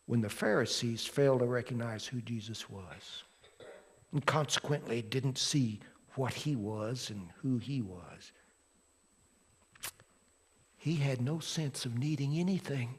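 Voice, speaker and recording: A man preaching a sermon as pastor, telling the story dramatically and swinging from loud to hushed. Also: mid-range voice, unhurried, pauses often, breathy edge. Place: church sanctuary. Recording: long hall reverb from a church.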